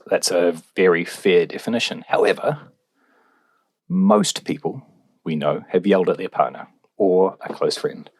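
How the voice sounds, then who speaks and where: A man's voice: low-pitched, breathy edge, dry recording. A male relationships researcher, answering podcast questions in a wry, explanatory way with fillers.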